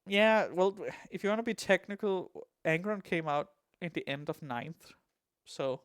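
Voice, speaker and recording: Excitable, cursing podcast co-host man. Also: high voice, a little slow, smooth, dry recording, clean studio sound. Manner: excitable, swears freely, jokey. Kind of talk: casual hobby podcast chat.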